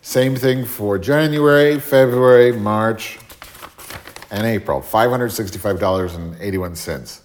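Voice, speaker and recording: Man, lowish voice, dry sardonic storyteller, casual podcast banter. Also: unhurried, a little hiss or hum. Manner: sardonic, animated storyteller who mimics voices. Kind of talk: casual chat, telling a story.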